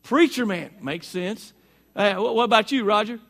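A high-pitched middle-aged male pastor preaches a sermon, his voice strained by allergies. He speaks at normal speed with a fairly bright tone. His style is folksy and chatty, with back-and-forth exchanges with the congregation.

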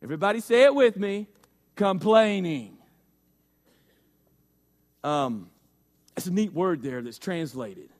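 High-voiced man preaching a folksy sermon. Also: animated, slow pace, long pauses. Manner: folksy, repeats phrases for emphasis, talks directly to the congregation. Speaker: pastor.

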